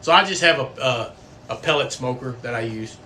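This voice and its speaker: Bright-voiced man chatting live. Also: mid-range voice, expressive, a little fast, slight background noise. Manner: folksy, swearing, chatty. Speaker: livestream host; coach. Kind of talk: casual livestream chat.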